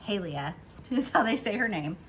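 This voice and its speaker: A woman chatting casually from home about a book she read, giggling often and filling pauses with ums and likes. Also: mid-range voice, animated, bright, forceful tone, slight background noise. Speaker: book vlogger. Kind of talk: casual book review chat.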